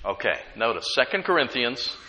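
A man's voice: medium pitch, very animated, moderate pace, bright, forceful tone. A man preaching a sermon, emphatic, repeating key phrases and leading the congregation in call-and-response.

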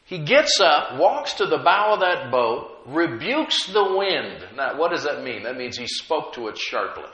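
A man preaching a sermon, emphatic and humorous, slowing down to stress key words. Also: a little high, sing-song, pushed and bright, reverberant, rough recording. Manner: emphatic, slows down to stress key words, chuckles at own jokes.

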